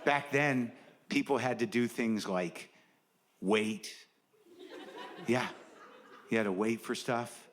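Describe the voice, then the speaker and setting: A man's voice: medium pitch, steady tone, slow pace, long pauses, background noise. A middle-aged man doing a stand-up comedy set, riffing in a wry, sardonic, conversational way.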